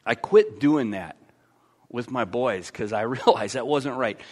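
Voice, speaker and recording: A man's voice: medium pitch, expressive, unhurried. A man pastor with an American accent, preaching a conversational sermon in a church with frequent stammered restarts.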